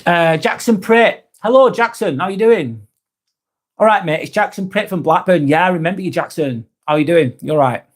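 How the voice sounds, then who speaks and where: A man's voice: high voice, moderate pace. A man hosting a live vlog, talking frankly and earnestly, swearing often and restarting his sentences. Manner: earnest and sympathetic. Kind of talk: casual live-stream chat.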